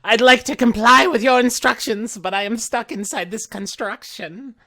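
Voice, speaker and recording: A woman's voice: on the high side, normal speed, bright, forceful tone, slight background noise. A woman at a tabletop game, speaking in playful rhymes. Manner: playful rhyming. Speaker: player.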